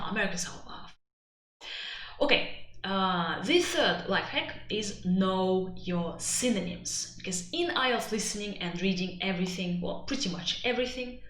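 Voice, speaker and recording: A woman's voice: medium pitch, fairly bright tone, reverberant. A woman teaching an exam-prep lesson in a casual live-stream style, chatty and playful with many fillers and asides. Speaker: IELTS teacher.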